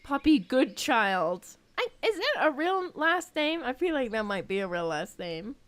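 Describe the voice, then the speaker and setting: A woman streaming a game, chatty and giggly, thinking out loud as she plays. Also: high-pitched, very animated, unhurried. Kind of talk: casual game reaction stream.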